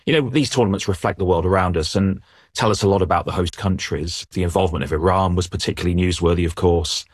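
Low-voiced sports editor. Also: male voice, husky, no room sound, studio quality. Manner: measured, thoughtful, with frequent restarts. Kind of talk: reflective news interview answers.

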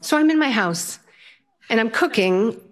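An older woman telling a personal story to an audience, with an animated, playful delivery and frequent laughter. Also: on the high side, unhurried.

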